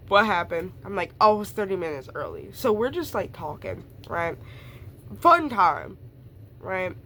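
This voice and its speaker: A woman's voice: on the low side, fairly bright tone, slight background noise. A young woman casually telling a rambling personal story, full of fillers and asides. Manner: rambling, lots of fillers and laughs, quick asides.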